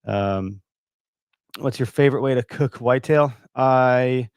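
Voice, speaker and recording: A man's voice: medium pitch, measured pace, clean tone. A man from Wisconsin chats casually on a live stream from his home computer, rambling and stopping to read viewer comments. He sounds a bit out of breath with a stuffy nose. The mic is close and dry, with no room echo. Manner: rambling, reads comments aloud, many fillers. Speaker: host of a hunting podcast. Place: home, early morning.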